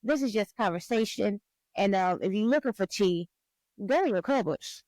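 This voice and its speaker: A woman's voice: mid-range voice, animated, moderate pace, a little mellow, no echo, poor audio. A woman from the American South hosting a podcast in a playful, giggly, teasing chat. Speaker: podcast host. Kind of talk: casual chat.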